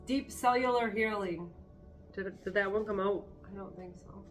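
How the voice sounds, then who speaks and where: A woman's voice: medium pitch, moderate pace, faint music behind. A woman giving a spiritual card reading to her viewers, talking in an earnest, encouraging way with spontaneous asides. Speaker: tarot card reader.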